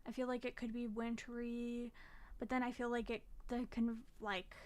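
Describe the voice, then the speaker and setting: A woman's voice: fairly high pitch, little pitch movement, normal speed. Chatty young woman book vlogger. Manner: chatty, frank, swears when frustrated. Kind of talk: casual chat.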